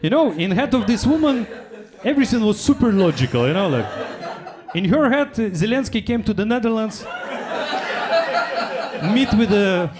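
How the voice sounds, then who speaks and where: Young Russian-accented comic, high, animated delivery, drops into a flat low voice for quoted lines. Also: male voice, moderate pace, pauses often, crowd noise. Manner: chatty, tags lines with "yeah?". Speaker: stand-up comedian. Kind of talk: stand-up set. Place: comedy club stage.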